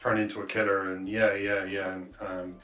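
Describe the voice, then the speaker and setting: A man's voice: deep voice, level tone, moderate pace, pushed and bright. A man co-hosting a podcast, talking in a rambling way with many fillers and restarts. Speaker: podcast co-host. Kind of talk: casual chat.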